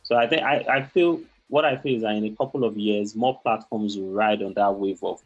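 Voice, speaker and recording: Thoughtful low-voiced male panelist. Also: a little fast, few pauses, muffled recording, faint music behind. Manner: thoughtful, speculative. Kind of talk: casual chat.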